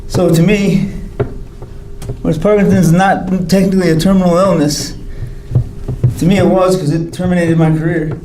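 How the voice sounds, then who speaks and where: A man's voice: high voice, steady tone, normal speed, reverberant, background noise. A man giving a hospital grand rounds talk, telling his own story candidly and wryly, acting out the people he quotes. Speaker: physician speaker. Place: hospital lecture hall.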